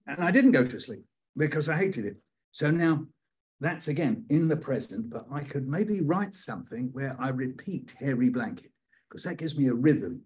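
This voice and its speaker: Older British man, husky, runs a poetry lesson with playful, rhythmic repetition. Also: medium pitch, lively intonation, moderate pace, darkish tone. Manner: playful, repeats phrases rhythmically, acts out quoted voices. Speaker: poet leading a writing workshop.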